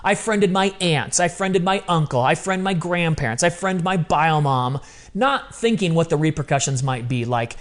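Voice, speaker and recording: Man, 50s, podcast guest, fairly high voice; expressive, conversational storyteller. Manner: animated, emotional storytelling with quick asides.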